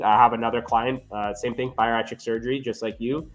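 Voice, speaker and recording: A man's voice: medium pitch, brisk, hardly any pauses, soft background music. A man who works as a physiotherapist, telling earnest stories in a casual interview and often checking in with "right?". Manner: earnest, animated, frequent "right?" tags. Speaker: physiotherapist guest.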